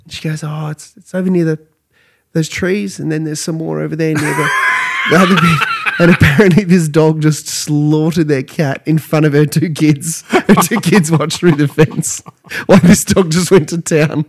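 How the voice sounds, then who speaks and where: A middle-aged Australian man co-hosting a casual podcast, telling animated stories with frequent laughter and coarse language. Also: a little high, normal speed, vocal fry. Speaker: podcast co-host. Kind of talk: casual chat.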